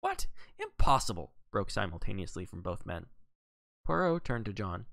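A man's voice: deep voice, sing-song, moderate pace, vocal fry, a bit bright, dry recording. A man reading a classic mystery novel aloud on a livestream, narrating expressively. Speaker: audiobook reader on a livestream.

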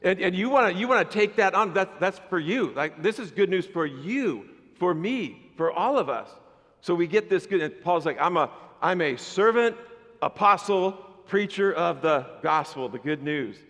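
High-voiced animated male pastor. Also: moderate pace, long reverb tail. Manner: animated, conversational preaching with playful asides. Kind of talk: sermon. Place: church sanctuary.

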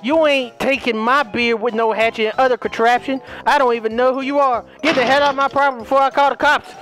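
A man's voice: very high-pitched, steady tone, quick pace, a bit bright, soft background music. Synthetic man voicing a cranky old backwoods man, folksy, cantankerous, video game character.

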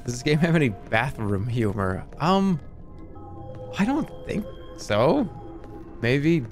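A man's voice: mid-range voice, very animated, slow. A man streaming a video game, chatting casually with viewers in a jokey, exaggerated way. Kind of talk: casual livestream chat while gaming. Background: game music.

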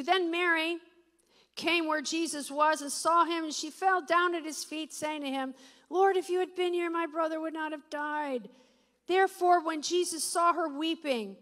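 A woman preacher giving a sermon to a gathered audience. She reads scripture aloud, puts questions to the listeners, and builds to loud, emphatic declarations. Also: sits high. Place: church or meeting hall with an audience. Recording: long hall reverb.

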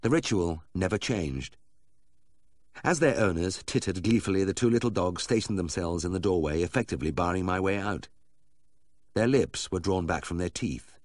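Brief: male audiobook narrator, very low voice, close dry sound, wry delivery. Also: expressive, normal speed, dry recording. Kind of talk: scripted narration.

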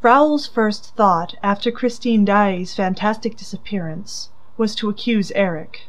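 A woman's voice: mid-range voice, unhurried. A woman narrating a classic novel as an audiobook, reading in an earnest, dramatic way. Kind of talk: scripted narration.

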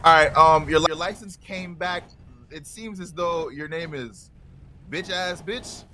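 A man streaming a game roleplay as a police officer, loud, brash and profane, joking and yelling. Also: on the high side, a little slow, slight background noise.

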